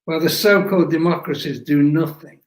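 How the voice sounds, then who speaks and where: A fierce young woman played by a man states her cause bluntly. Her voice sounds a little higher and echoes in a roomy space. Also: steady tone, a little fast, natural voice. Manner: blunt, explaining. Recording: echoey room.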